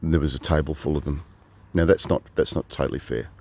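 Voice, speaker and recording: A man's voice: very deep voice, fairly even intonation, a little fast, vocal fry, warm tone. A man in his fifties with an Australian accent, telling a meandering, wry story in casual spoken monologue. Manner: meandering, wry, full of asides and restarts. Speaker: travelling storyteller.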